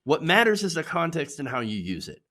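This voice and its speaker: A man hosting political commentary in a sarcastic, mocking, animated way. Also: a little high, brisk.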